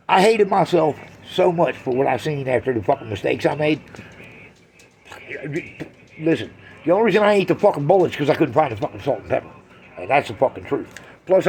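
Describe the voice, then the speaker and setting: A man doing a crude, brash stand-up routine on a club stage, swinging from loud jabs to low mutters. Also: creaky. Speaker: stand-up comedian.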